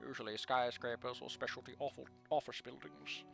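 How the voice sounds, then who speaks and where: A man's voice: mid-range voice, little pitch movement, gravelly, a bit bright, soft background music. A man reading a story aloud, voicing a stiff middle-aged father who sounds strained and throaty, as if something is lodged in his throat. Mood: formal. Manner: slow, stilted, trying his best.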